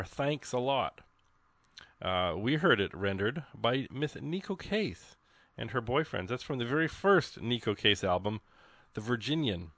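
A man's voice: medium pitch, creaky, fairly bright tone, no room sound. A man hosting a radio show, chatting casually in a rambling, folksy way with plenty of ums and uhs. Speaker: radio host. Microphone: studio microphone.

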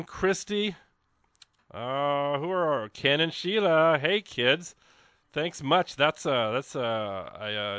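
Chatty radio host man, rambling with bursts of excitement, dry studio sound. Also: a little high, no room sound. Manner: chatty, rambling, exclamatory with frequent fillers. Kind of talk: casual radio fund drive chat.

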